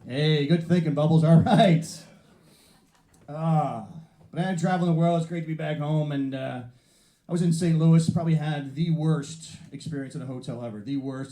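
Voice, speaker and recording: Male stand-up, quick and profane, acting out bits, slightly raised pitch, echoey stage. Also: warm tone. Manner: brash, profane storytelling with acted-out voices. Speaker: stand-up comedian. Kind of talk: stand-up routine. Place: theater stage before a live audience. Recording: roomy live venue sound.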